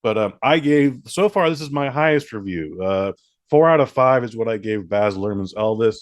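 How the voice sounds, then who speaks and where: A man's voice: lowish voice, moderate pace, dry recording. A man co-hosting a podcast, chatting casually about movies and swearing now and then. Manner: relaxed, swears casually, acts out quoted reactions. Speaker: podcast co-host. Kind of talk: casual movie review chat.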